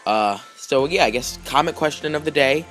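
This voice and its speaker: A man's voice: fairly high pitch, normal speed, fairly bright tone, soft background music. A man vlogging, telling a story casually with lots of fillers, restarts and "like"s. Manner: rambling, heavy with fillers and restarts.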